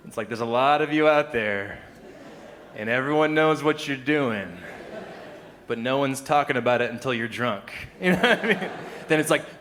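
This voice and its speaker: A man talks through a stand-up comedy set in a loose, conversational way, chuckling at his own jokes and slipping into mock voices for the people he quotes. The voice sits at a middle pitch, with a faint hum of noise behind him. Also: normal speed, fairly bright tone. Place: live comedy venue with audience.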